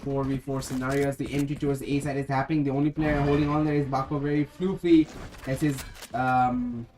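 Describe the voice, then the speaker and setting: Excited play-by-play esports caster. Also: slight background noise, low-quality recording. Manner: rapid game calls with excited rises on kills; drops to a low aside when correcting himself. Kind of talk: play-by-play commentary.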